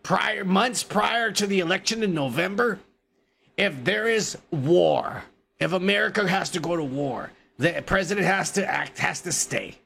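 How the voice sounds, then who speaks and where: A man rants crudely and mockingly in a gravelly, bright voice, now and then breaking into loud outbursts. A faint hiss sits under the talk. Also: high-pitched, a little slow. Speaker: commentary vlogger. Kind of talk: profane comedic rant.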